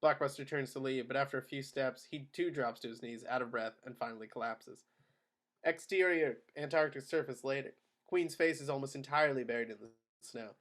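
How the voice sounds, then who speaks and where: A man narrating the stage directions of a screenplay at a table read in a steady, matter-of-fact way. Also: mid-range voice, a little fast. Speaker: narrator of action lines.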